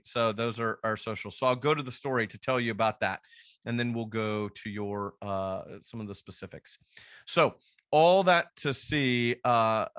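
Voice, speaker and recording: A man's voice: fairly low pitch, fairly bright tone, no echo, clean studio sound. A man giving a conversational real estate training talk, telling stories and acting out phone calls in quoted voices.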